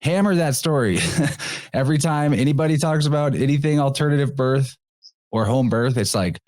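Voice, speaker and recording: A man's voice: medium pitch, moderate pace, darkish tone, no room sound. A man hosting a casual podcast talk, rambling a little and laughing between phrases. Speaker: podcast host. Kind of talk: casual conversation.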